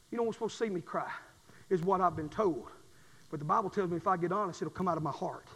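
A middle-aged man preaching a sermon, swinging from quiet testimony to shouted fervor. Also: high-pitched, big-room sound.

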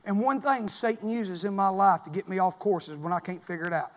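Preacher guy, really high voice, big churchy reverb, goes loud then soft and pleading. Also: fairly quick, hardly any pauses. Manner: impassioned, swings from loud preaching to hushed pleading. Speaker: pastor. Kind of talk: sermon. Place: church sanctuary.

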